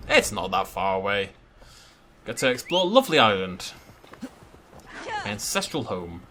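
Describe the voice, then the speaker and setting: A man's voice: medium pitch, pushed and bright, slight background noise. A man chatting and joking as he plays through a video game, thinking aloud as he goes. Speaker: gaming YouTuber. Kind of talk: let's play commentary.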